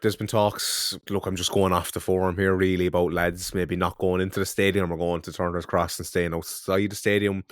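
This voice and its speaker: Calm male co-host, Cork accent, very deep voice, dry close recording. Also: clean tone, dry recording. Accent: Irish, Cork. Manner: calm, measured, steers topics. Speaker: podcast co-host. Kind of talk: casual chat.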